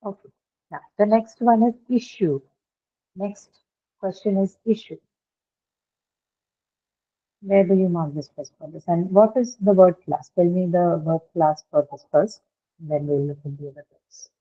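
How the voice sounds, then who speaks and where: A woman's voice: on the low side, a little slow, long pauses. A woman teaching an English pronunciation lesson online, explaining patiently and often checking that her students follow. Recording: phone-like online call audio.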